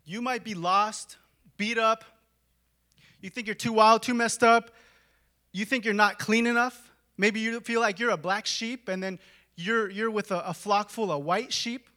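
A man preaches with a high, bright, ringing voice. He talks casually, tossing in "like" and "right?", and swings from quiet, intimate stretches to full shouts. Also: steady tone, unhurried. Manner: dramatic swings from hushed to shouting; conversational, with filler "like" and "right?". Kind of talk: sermon.

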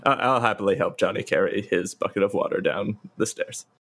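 A man's voice: low-pitched, fairly quick. A man playing a tabletop game, easygoing and wry. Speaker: player. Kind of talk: casual tabletop role-play. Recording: loud background noise.

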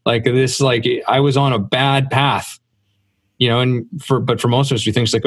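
A man in a relaxed podcast conversation, speaking loosely with frequent "like" and easy laughter. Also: mid-range voice, moderate pace, no room sound. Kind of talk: casual conversation.

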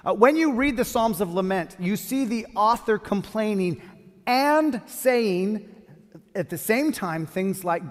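A pastor preaching a sermon and reading scripture aloud with feeling. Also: male voice, sits high, slow. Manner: expressive, reads scripture with feeling. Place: church hall. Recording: long hall reverb.

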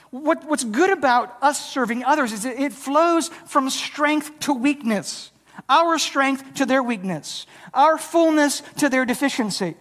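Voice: medium pitch, a bit bright. Earnest preacher in an echoing church. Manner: earnest, with frequent stammered restarts; acts out quoted lines in a changed voice. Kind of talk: sermon. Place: church sanctuary. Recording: long hall reverb.

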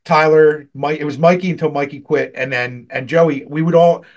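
A man with a somewhat high voice tells work stories in loose, rambling casual chat, swearing freely and laughing often. He talks like a podcast co-host going back over old times with a friend. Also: fairly even intonation, normal speed.

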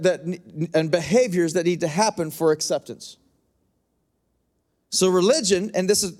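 High-voiced, fiery preaching man. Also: a little mellow. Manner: passionate, emphatic preaching with repetitions and asides to the congregation. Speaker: pastor. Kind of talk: sermon.

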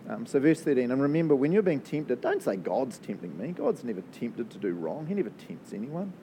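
Male pastor, New Zealand accent, mellow-toned, lively and conversational sermon delivery, faint rumble in the background. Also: rough recording. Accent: New Zealand English. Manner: animated, chatty, quick to laugh. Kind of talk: sermon with prayer.

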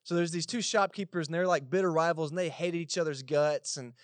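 A Texan man preaching a Sunday sermon in a loose, chatty way, talking straight to the congregation with little asides. His voice sits a bit high for a man, and the sound is close and dry, with almost no room echo. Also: fairly quick. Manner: casual conversational preaching with asides. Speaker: pastor. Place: church service in a cinema auditorium.

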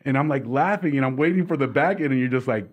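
A young man co-hosting a casual podcast, laid-back and cursing, often trailing off into quiet asides. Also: mid-range voice, fast talker, highs cut off. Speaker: podcast co-host. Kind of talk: casual chat.

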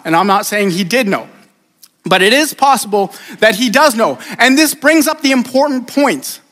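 A man preaching a sermon in a relaxed, conversational way, acting out the people in the story. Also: very high voice. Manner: casual, conversational preaching with acted-out voices. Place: church sanctuary. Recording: church hall reverb.

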